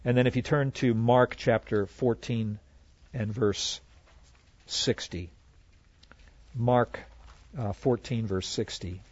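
A man teaching a Bible class in an earnest way, reading scripture aloud and often pausing on fillers. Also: medium pitch, steady tone. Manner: earnest, with frequent fillers and restarts, quoting scripture. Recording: dry, dull lo-fi recording.

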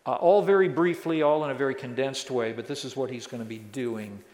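A man preaching, praying and reading scripture to a congregation with deliberate emphasis. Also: medium pitch, a little mellow. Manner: slow, deliberate, emphatic delivery. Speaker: pastor teaching a Bible study series. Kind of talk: sermon with prayer and scripture reading. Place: large church sanctuary. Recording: echoey hall, voice from a distance.

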